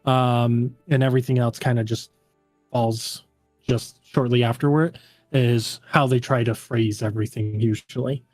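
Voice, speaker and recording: A man's voice: medium pitch, steady tone, measured pace, a little mellow, no echo, faint music behind. A man narrating a tabletop game as game master, in a casual style full of fillers.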